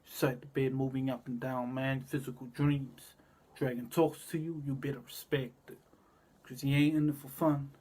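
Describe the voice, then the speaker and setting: Husky man rambling in loose fragments. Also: medium pitch, little pitch movement, normal speed. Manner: disjointed, repetitive, wandering from loud to quiet. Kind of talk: rambling spoken monologue.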